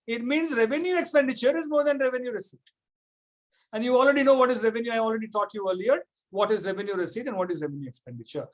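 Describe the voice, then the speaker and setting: A man teaching a classroom economics lecture, repeating points and checking often that students follow. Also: high-pitched.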